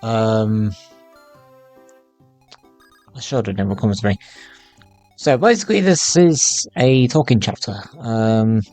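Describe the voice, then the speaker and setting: A man with a croaky voice casually commenting on a game, halting and rambling with many pauses. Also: fairly low pitch, darkish tone, faint music behind. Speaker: let's play host.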